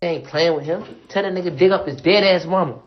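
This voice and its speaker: A man's voice: high voice, quick pace, highs cut off, faint music behind. A man in a heated livestream rant, talking in an angry, repetitive and emphatic way.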